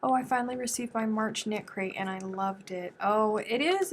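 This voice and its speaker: A woman's voice: medium pitch, moderate pace, a little hiss or hum. A woman from the United States hosting a crochet livestream, chatting casually and thinking aloud as she answers viewer comments. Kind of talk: casual livestream chat while crafting.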